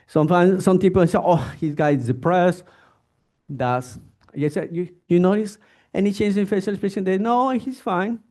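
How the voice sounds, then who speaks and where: A man's voice: sits high, moderate pace. A man who is a physician, giving an informal medical lecture and acting out exchanges with patients. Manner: animated, acts out patient exchanges.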